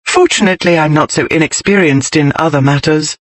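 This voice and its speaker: A man voicing a sharp-witted young English lady who stays cool and speaks in a crisp, arch, precise way, in an audiobook reading. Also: a little high, fairly quick, lightly acted.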